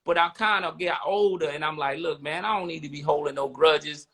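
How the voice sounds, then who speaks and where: A man's voice: fairly high pitch, brisk, fairly bright tone. A man co-hosting a podcast, talking bluntly in casual street slang and often asking "you know what I'm saying". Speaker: podcast co-host.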